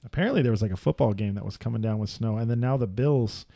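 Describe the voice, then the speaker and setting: Reading news aloud with jokes and narrating a video on screen, this podcast co-host keeps things casual in the studio. His medium-pitched voice is gravelly and dark, he talks fast, and the studio-quality recording has no room sound.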